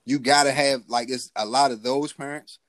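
A man in his thirties, a podcast co-host telling stories in casual chat, talking in an animated, profane way. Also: medium pitch, moderate pace, no room sound. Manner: profane, animated, acts out quotes in the story.

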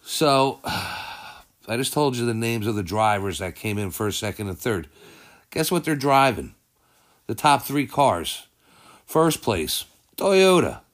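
A man's voice: fairly low pitch, expressive, measured pace, fairly bright tone. A man hosting a casual sports podcast, rambling and thinking aloud as he goes through results and news, often correcting himself. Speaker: podcast host.

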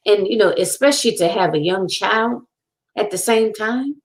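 A woman's voice: mid-range voice, normal speed. A woman hosting an interview, affirming her guest with frequent murmurs of agreement. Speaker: show host. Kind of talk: casual interview talk.

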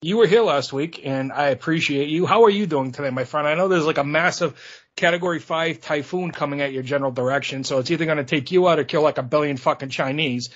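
A man hosts a podcast in crude, teasing casual chat, his speech thick with swearing. His voice sits a bit high and sounds husky, and the audio is muffled and lo-fi. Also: fast talker. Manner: profane, teasing, rambling. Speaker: podcast host.

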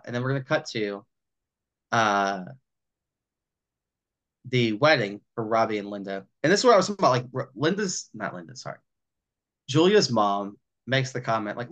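A man co-hosting a podcast who talks a film over in casual chat, swearing freely and acting out the characters' lines in quick little voices. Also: mid-range voice, expressive, fairly bright tone. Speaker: podcast co-host.

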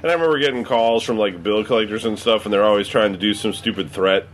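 A man on a podcast rambling through a story with halting starts and amused laughter. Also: fairly low pitch. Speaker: podcast regular. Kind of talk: casual storytelling chat.

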